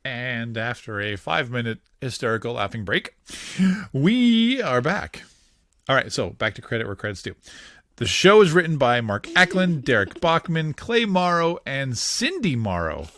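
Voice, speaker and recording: Giggly, lively male podcast host. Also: mid-range voice, normal speed, no echo. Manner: giggly, excitable narration of on-screen action. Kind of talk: casual play-by-play commentary on a cartoon.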